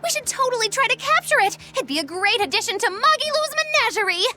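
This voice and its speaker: A woman's voice: extremely high pitch, very animated, fast, pushed and bright, faint music behind, exaggerated voice. A woman voicing a playful, scheming young witch in a video game. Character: eccentric, mischievous young witch.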